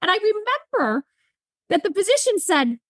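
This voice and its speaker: A woman's voice: very high-pitched, very animated, moderate pace, dry recording, studio quality. A woman guest, a nurse entrepreneur, telling stories animatedly and acting out quoted dialogue. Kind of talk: storytelling in interview.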